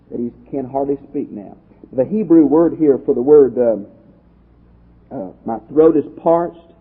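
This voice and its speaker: A man from Texas, a pastor teacher giving a lively, conversational Bible study lecture and asking his class questions. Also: medium pitch, husky. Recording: tinny lo-fi phone-like audio.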